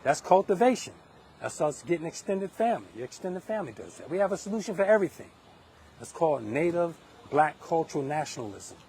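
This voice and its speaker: A man's voice: fairly high pitch, very animated, a little fast, a little mellow, a little hiss or hum. A middle-aged man from Long Island, hosting a live political monologue in an emphatic, preachy way with many restarts. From Hempstead, Long Island, New York. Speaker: livestream host.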